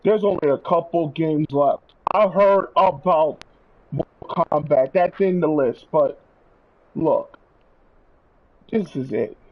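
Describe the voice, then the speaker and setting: A man's voice: fairly high pitch, slow, pauses often, dull audio. A man streaming, delivering a heated, profane rant to his viewers. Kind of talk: angry rant.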